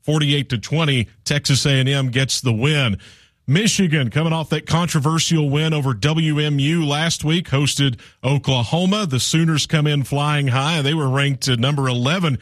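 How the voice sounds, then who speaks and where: A man anchoring a radio sports scoreboard update, brisk with small fillers between scores. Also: a little high, steady tone, no echo, studio quality.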